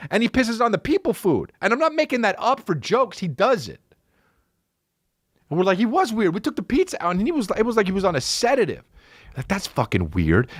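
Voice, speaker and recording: A podcast host tells a comic story, swearing heavily and acting out the voices of the people and even the dog involved. His voice is a little high, and the studio recording is clean with no room sound.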